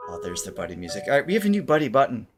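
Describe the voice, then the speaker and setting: A man hosting a reaction show as a vocal coach, explaining things in a casual, animated way and laughing often. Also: medium pitch, very fast, over music.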